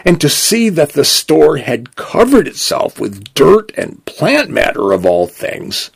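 A man narrating a story in a measured, expressive way. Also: on the high side, creaky, slightly rough, dry recording.

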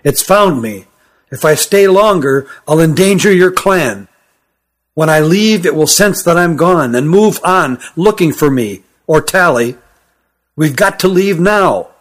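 A man's voice: fairly high pitch, expressive, unhurried. Narrator doing sturdy young fugitive, urgent, secretive, near his own voice, storybook. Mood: fearful urgency. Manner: urgent, hushed, pleading. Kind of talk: audiobook character voice.

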